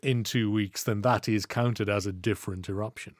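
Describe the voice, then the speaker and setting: A man's voice: on the low side, fairly even intonation, moderate pace, dry recording. Easygoing male radio host, dry studio sound. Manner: chatty, easygoing, friendly banter. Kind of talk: conversational radio talk.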